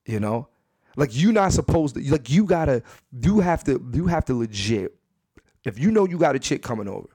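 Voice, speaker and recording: A man's voice: mid-range voice, no echo. Profane, dry-miked male comedy podcaster. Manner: profane, animated, repeats himself for emphasis. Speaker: podcast host. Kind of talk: comedic storytelling monologue. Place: his second bedroom at home.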